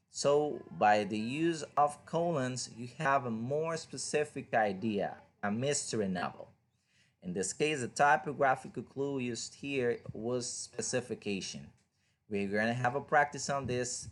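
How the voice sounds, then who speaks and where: Unhurried and mid-pitched, a man whose native tongue is Spanish teaches English reading online. He explains with patience and quizzes whoever is listening, lecture-style.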